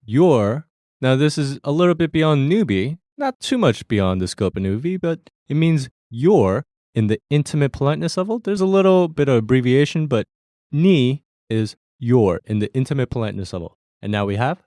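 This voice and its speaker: Lively-voiced man teaching Korean phrases. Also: mid-range voice, normal speed, dry recording, clean studio sound. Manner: friendly, breaks down phrases step by step, laughs easily. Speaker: language lesson host. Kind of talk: explaining Korean phrases to learners.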